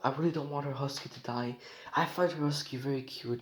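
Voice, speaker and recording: A man's voice: mid-range voice, a little fast, poor audio. A man, talking outdoors in a rambling personal vlog, meandering and repeating himself with plenty of fillers. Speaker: vlogger.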